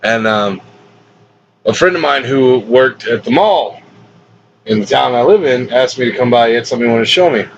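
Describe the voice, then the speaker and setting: This podcast host, who is also a professional wrestler, relates a story in a loose, casual way, with frequent laughter and plenty of swearing. His mid-range voice has lively intonation at a normal speed, on a dull, faintly hissy lo-fi recording.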